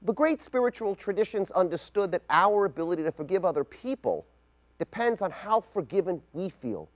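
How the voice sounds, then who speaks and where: A middle-aged man giving a scripted spoken essay as a rabbi, telling a personal story in a measured, reflective way. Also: high-pitched, expressive.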